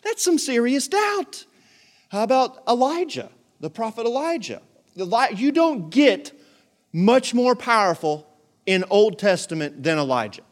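A man's voice: very high voice, unhurried. A man preaching a sermon as pastor, telling Bible stories with jokes and acted-out quotes. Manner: lively, joking storyteller who acts out quotes.

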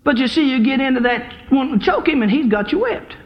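A man with a very high voice preaches to his church with fervent, exhorting force. The sound is dull and lo-fi, like an old church service tape. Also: animated, a little fast. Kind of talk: sermon.

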